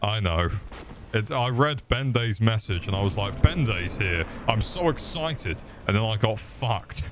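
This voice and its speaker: A man's voice: lowish voice, expressive, a little slow, noisy background. A young man giving sweary, jokey live commentary while playing a game, yelping when things go wrong. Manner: sweary, jokey, yelps in panic. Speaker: streamer.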